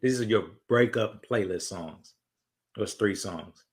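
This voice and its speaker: A man hosting a casual interview, asking questions in a relaxed way. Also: lowish voice, takes it slowly. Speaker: podcast host.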